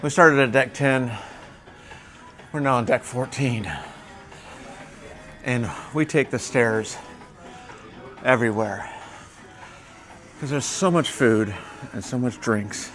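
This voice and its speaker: A man's voice: mid-range voice, slow pace, long pauses, a bit bright, faint music behind. A man vlogging aboard a cruise ship, chatty and upbeat, talking straight to viewers as folks. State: out of breath. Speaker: travel vlogger. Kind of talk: casual vlog chat.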